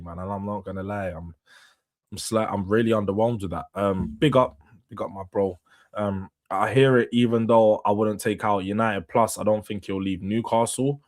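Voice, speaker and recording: A young man, hosting a casual late-night football live stream, slangy and animated, laughing as he reads viewer comments. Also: on the low side. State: tired, yawning late at night. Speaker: host.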